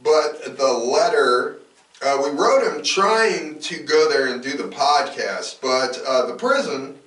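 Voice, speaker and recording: A man's voice: fairly high pitch, lively intonation, slow pace, a bit bright, reverberant, recorded from a distance, low-quality recording. A man co-hosting a casual podcast, talking loosely with lots of fillers and restarts. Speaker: podcast co-host.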